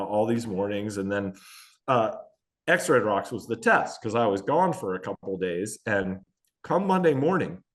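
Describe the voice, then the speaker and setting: A man in his forties, a veteran endurance athlete, telling candid, self-deprecating stories in a casual interview, with many fillers. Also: mid-range voice. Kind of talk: casual storytelling in a podcast-style interview.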